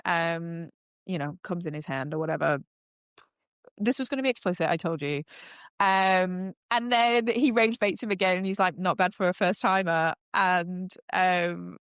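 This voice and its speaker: A woman's voice: mid-range voice, a bit bright, clean tone, no echo, studio quality. A woman hosting a podcast, recapping a show in a gushing, casual chat full of fillers. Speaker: podcast host.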